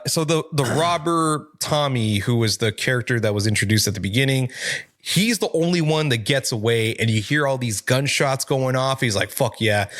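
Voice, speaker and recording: A man's voice: mid-range voice, a bit bright. A man co-hosting a comic book review podcast, recapping the story in a casual, profane way and quoting its characters in his own voice.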